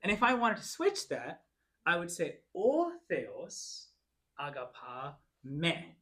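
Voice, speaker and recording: A man teaching a Bible class in a church classroom, giving a lecture and patiently explaining, slowing down to repeat example phrases. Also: fairly high pitch, huge pitch swings, sharp tone.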